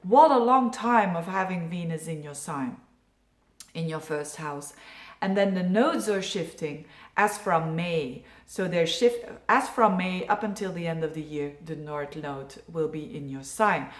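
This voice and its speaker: A woman's voice: on the low side, measured pace, reverberant. A woman from Belgium, an astrologer, giving a yearly horoscope forecast in a chatty, reassuring way with many fillers. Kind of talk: casual horoscope video.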